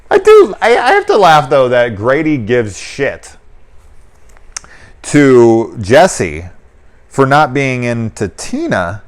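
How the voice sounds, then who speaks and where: A man with a fairly low voice rambles through a casual film review. His pitch swings widely as he gets animated, and he swears freely, often dropping into quick put-on voices to act out lines. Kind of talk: casual spoken movie review.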